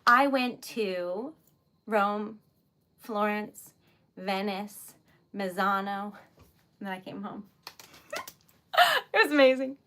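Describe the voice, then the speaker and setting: A woman's voice: medium pitch, slow pace, long pauses, a bit bright. A young woman from New England chatting casually on a livestream while crafting, jet lagged, giggling often and rambling through stories. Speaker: livestream host making wax stickers.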